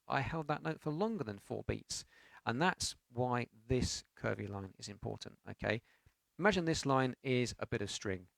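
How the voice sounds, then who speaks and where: Gravelly-voiced man teaching piano. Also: medium pitch, no room sound. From United Kingdom. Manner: patient, counts beats aloud with sung syllables. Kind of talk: online piano lesson.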